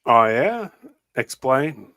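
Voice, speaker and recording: Bright and pushed, this man's medium-pitched voice has a sing-song lilt and drawn-out words. He hosts a podcast, chatting casually, telling meandering stories and laughing frequently in an easygoing way.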